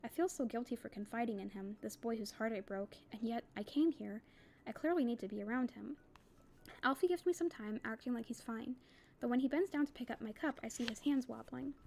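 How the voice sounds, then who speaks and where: A woman with a slightly high voice reads a novel aloud. She keeps her delivery soft, quiet and subdued. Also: slight background noise. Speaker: audiobook reader.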